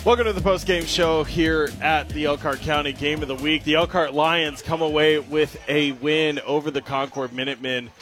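A man hosting a high school football post-game radio show, reading sponsor spots and correcting his own slips. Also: moderate pace, hardly any pauses, music in the background. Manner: energetic, trips over words and corrects himself. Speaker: radio sports host.

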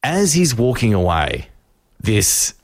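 Deep-voiced radio host. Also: male voice, slow, dry recording, studio quality. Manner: animated storyteller with restarts and put-on quotes. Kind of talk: casual radio banter and storytelling. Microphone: studio microphone.

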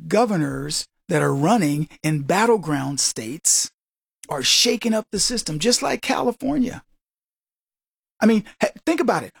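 A man's voice: high voice, husky, no room sound, clean studio sound. A man hosting a talk radio show, brash and mocking, who laughs often and acts out other people's voices. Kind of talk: conservative talk radio monologue.

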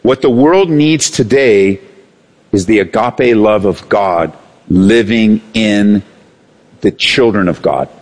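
A man preaching a sermon as pastor, animated, swinging between raised and hushed delivery. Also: on the low side, slow pace.

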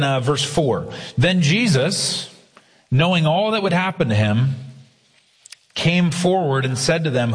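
A man preaching a sermon, earnest, slowing down hard to stress key lines. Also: a little high, breathy edge, long reverb tail. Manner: earnest preaching with slow emphatic quotes. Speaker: pastor.

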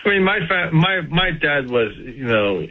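A man's voice: fairly high pitch, big pitch swings, unhurried. A man, a company CEO appearing as a guest on a talk radio show, easygoing and earnest. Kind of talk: radio interview. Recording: tinny remote line.

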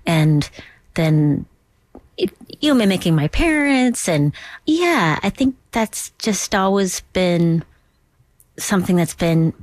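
A middle-aged woman from Duluth talks as a comedy guest, her voice low and set against a dry, close studio sound. She rambles playfully and drops now and then into whispers and quick impressions. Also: big pitch swings, darkish tone, no room sound. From Duluth, Minnesota. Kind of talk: casual interview chat.

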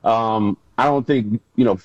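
An animated man spinning stories as an interview guest, jumping into the voices of the people he remembers. His voice comes through a dull, dry, muffled line with no room sound at all. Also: on the low side, a little slow, dry recording. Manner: animated storyteller who acts out quotes. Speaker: guest, former football player. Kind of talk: casual storytelling interview.

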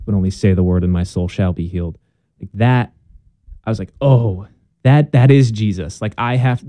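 A man's voice: low-pitched, mellow, no echo. A young man, a guest in a conversation, telling his story in an earnest, casual way and acting out bits of past dialogue.

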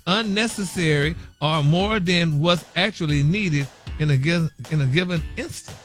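A man, a regular on a morning radio show, talking in animated casual banter and stumbling through spelling a word. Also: a little high, moderate pace, soft background music.

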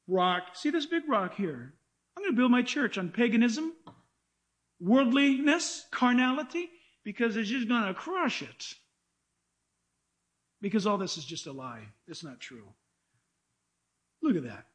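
A middle-aged pastor preaching a sermon with animated delivery, acting out quoted voices. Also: male voice, sits high.

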